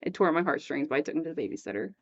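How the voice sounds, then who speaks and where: A woman's voice: deep voice, animated, rapid-fire, lo-fi sound. A woman co-hosting a casual faith podcast, telling stories in a chatty way with frequent laughter. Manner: chatty storyteller, laughs often, acts out quoted voices. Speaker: podcast co-host.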